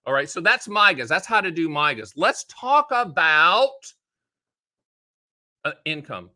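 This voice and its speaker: A man with a bright, forward voice that sits a little higher than most men's hosts his own show about annuities. His delivery is casual and folksy, and he breaks up his explanations with joking asides and animated voices. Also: measured pace, pauses often. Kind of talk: casual direct-to-camera explainer.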